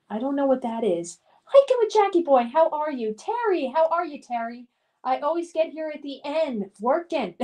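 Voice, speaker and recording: This middle-aged woman's voice is high-pitched and a little mellow. She runs a casual live stream, reading out comments from viewers and replying cheerfully and nostalgically, often with fillers.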